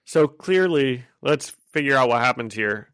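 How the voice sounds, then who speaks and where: A man co-hosting a casual comic book podcast, who laughs often and reacts quickly. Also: mid-range voice, lively intonation, a bit bright, smooth, no echo. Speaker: podcast co-host.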